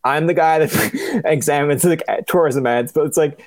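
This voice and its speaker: A man from Newfoundland chatting casually as a co-host, rambling with many fillers and sometimes slipping into animated impressions. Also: on the high side, normal speed. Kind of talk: casual chat.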